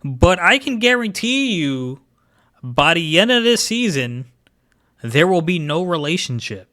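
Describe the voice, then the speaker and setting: A man's voice: fairly high pitch, sing-song, measured pace, bright, forceful tone. A man in casual podcast chat about anime, rambling opinions with lots of filler words. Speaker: podcast co-host.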